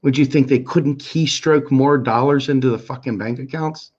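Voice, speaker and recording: A middle-aged man giving an impassioned, profane rant full of pleading questions, swinging between a raised voice and a low one. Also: normal speed, a little mellow. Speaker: political activist commentator. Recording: muffled lo-fi recording.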